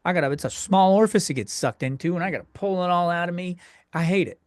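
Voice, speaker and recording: A man's voice: high-pitched, quick pace, dry recording, studio quality. A young man hosting a solo comedy podcast, ranting crudely and exasperatedly from home with frequent self-interruptions. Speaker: podcast host.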